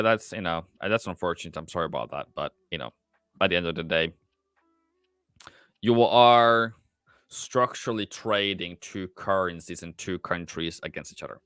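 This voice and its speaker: Hosting a live forex trading stream, this man speaks in a low-pitched, bright, forceful voice with a clear, resonant tone. He works through his thoughts out loud, full of fillers, and responds to chat casually. The sound is dry and studio quality.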